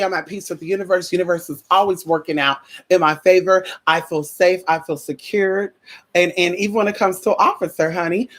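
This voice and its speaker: A woman telling a story in a casual vlog, sassy and profane, full of asides to her listeners. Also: on the low side. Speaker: vlogger.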